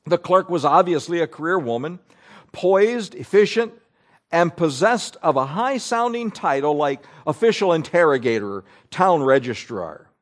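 A male preacher giving a sermon, reading scripture and a story aloud deliberately and adding asides to the congregation. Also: on the high side, expressive.

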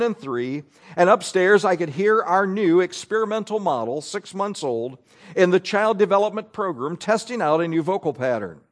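A male preacher giving a sermon, reading scripture and a story aloud deliberately and adding asides to the congregation. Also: high voice.

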